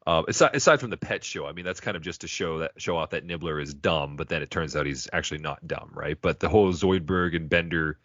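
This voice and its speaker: A man with a very low voice talks casually as a podcast co-host. He rambles, laughs often and drops into silly quoted voices. The sound is dry and a little dull, like a lo-fi recording. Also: fast talker, hardly any pauses, fairly bright tone, no echo. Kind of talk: casual chat.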